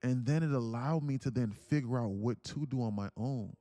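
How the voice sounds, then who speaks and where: A man's voice: medium pitch, normal speed, dark tone, no room sound. A man hosting a livestream, telling a story in a rambling, profane, casual way. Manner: rambling, profane, full of restarts. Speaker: livestream host.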